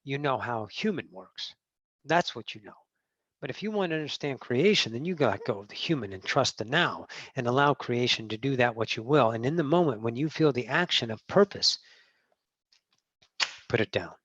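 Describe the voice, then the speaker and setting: A trans woman channeling spiritual teachings in a meeting, blunt and profane, swinging from low murmurs to loud outbursts. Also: animated, moderate pace, breathy edge, no room sound. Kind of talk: channeling session talk. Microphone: video call. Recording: dull, dry video call audio.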